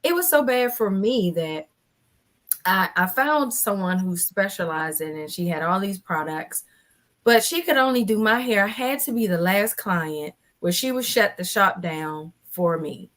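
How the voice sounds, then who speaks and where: A woman in her forties telling her own story as a guest in a casual panel chat. She is animated and acts out other people's lines. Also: mid-range voice, unhurried.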